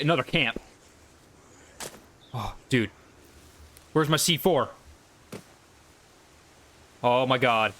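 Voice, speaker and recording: A man doing live gameplay commentary on a desk mic at home, excitable and cursing as he yells at enemies. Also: a little high, a little hiss or hum. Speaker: gaming YouTuber. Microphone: desk condenser mic.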